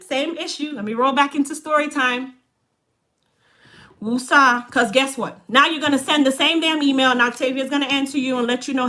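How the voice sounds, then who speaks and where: Blunt, bright-voiced Chicago woman. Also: sits high, normal speed. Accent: Chicago with Jamaican touches. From Chicago, United States. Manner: blunt, straight-talking, animated. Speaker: hair care business owner. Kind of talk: casual live-stream storytelling.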